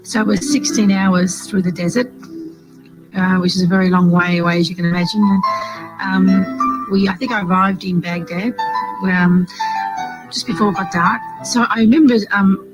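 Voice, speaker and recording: A woman's voice: mid-range voice, low-quality recording. A woman from Australia, an aid worker, telling a reflective personal story with many hesitations and fillers.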